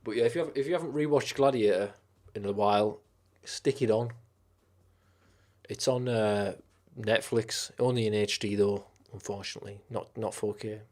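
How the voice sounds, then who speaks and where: A man's voice: fairly low pitch, moderate pace, a little mellow. A man streaming live, chatting casually about films, with lots of swearing and rambling enthusiasm.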